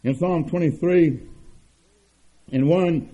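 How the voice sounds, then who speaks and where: An older man preaches a sermon in a husky, very dark voice that sits slightly higher than most men. He leans on earnest repetitions and slows down to stress his key words. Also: low-quality recording. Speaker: pastor.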